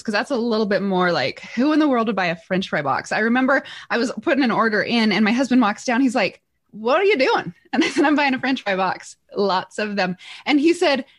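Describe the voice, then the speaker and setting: Lively excited businesswoman telling stories. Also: a little high. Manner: excited, animated storytelling with laughs. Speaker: podcast co-host and business owner. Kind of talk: casual chat.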